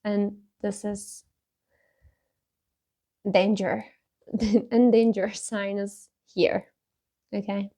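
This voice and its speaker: Slow, mellow-voiced woman vlogger. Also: mid-range voice, little pitch movement. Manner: halting and candid, with frequent laughs and restarts. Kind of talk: casual talk while taking a personality test.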